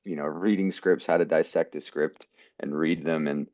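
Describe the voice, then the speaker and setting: Deep deep voice american guy telling his story in an interview, kinda dull audio. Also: fairly even intonation, moderate pace, darkish tone, no room sound. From United States. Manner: earnest, quotes people in his stories. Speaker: guest actor.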